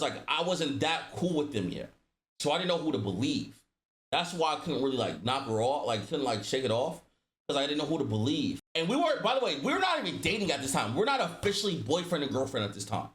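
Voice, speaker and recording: A man's voice: fairly high pitch, big pitch swings, a little fast, a bit bright. A man telling a personal story in casual storytime style, slangy and profane, acting out the dialogue with voice shifts. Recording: roomy echo.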